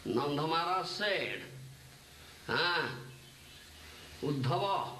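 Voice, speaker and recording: A man's voice: on the high side, lively intonation, slow pace, sharp tone. A man giving a sermon lecture as a spiritual teacher, often checking his listeners with a questioning "huh?". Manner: keeps asking listeners "huh?". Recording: echoey hall, distant mic, faint hiss.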